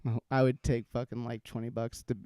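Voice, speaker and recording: A man hosts a loose, laughing chat, tossing out questions and rambling through stories full of fillers. His voice is mellow and smooth, and the recording is close and dry. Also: mid-range voice, flat delivery, brisk, no echo. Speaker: podcast host. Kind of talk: casual chat.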